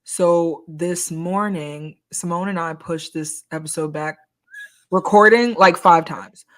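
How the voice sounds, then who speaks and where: A woman's voice: on the low side, slow. A young woman co-hosting a podcast, talking frankly and slangily in a casual, candid chat. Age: young adult. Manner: frank, slangy, animated storytelling. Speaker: podcast co-host.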